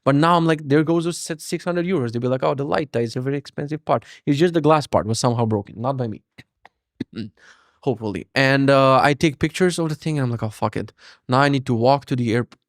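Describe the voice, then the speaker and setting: A man in his thirties hosting a podcast, telling a story as a casual rant, animated, cursing freely and mocking himself. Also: mid-range voice, quick pace, no echo, clean studio sound. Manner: animated, profane, self-mocking. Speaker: podcast host.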